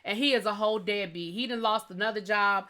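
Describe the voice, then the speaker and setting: A woman with a bright, forward voice recaps a TV episode in a casual, chatty way. Her talk is colloquial and playfully sassy. She briefly acts out lines as she goes. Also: mid-range voice. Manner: acts out lines in quick asides. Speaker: TV review channel host.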